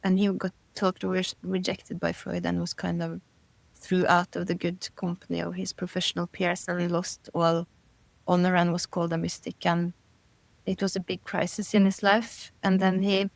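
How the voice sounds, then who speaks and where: A woman's voice: on the low side, creaky, no echo, rough recording. A middle-aged woman being interviewed, talking thoughtfully and searching for her words, often breaking into light laughter between thoughts. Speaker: guest. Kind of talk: casual interview conversation.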